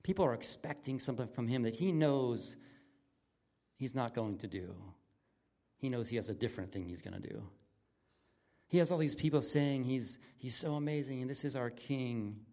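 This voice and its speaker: A man preaching a conversational sermon in an earnest, plain-spoken way, his voice dropping from lively emphasis to hushed, intimate tones. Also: mid-range voice, moderate pace. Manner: earnest, swings from loud excitement to near-whisper intimacy. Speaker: pastor.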